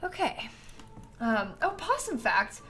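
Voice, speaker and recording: A woman with a bright, high-leaning voice chats her way through a game stream, giggly and talkative. Her pitch swings freely as she thanks viewers, and soft music plays underneath. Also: big pitch swings, slow pace. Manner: chatty and giggly, reads out chat donations. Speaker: livestream host. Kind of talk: casual chat while gaming.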